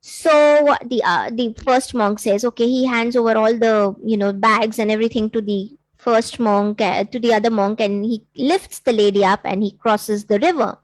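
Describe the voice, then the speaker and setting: A woman's voice: on the high side, normal speed, hardly any pauses, no room sound, low-quality recording. A woman coach hosting a live-streamed workshop. She talks earnestly, with many fillers, to viewers she invites to write in. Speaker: intuitive coach and workshop host.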